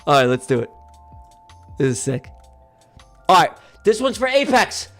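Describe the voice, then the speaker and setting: A man hosting a livestream giveaway, calling a mock race in a joking, excitable way that bursts into shouts. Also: a little high, normal speed, music in the background. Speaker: livestream host running a giveaway. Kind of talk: mock race-caller commentary.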